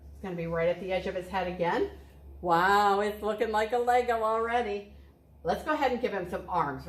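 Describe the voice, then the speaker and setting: A woman art teacher leading a cheerful, step-by-step drawing lesson for children, encouraging them as she goes. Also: mid-range voice. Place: art studio. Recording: echoey room.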